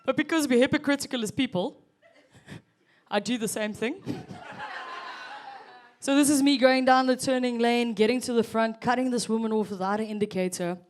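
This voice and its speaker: A woman's voice: a little high, fairly even intonation, normal speed, pauses often, a little hiss or hum. A South African woman in her thirties performing a chatty stand-up set, teasing the audience. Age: 30s. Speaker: stand-up comedian.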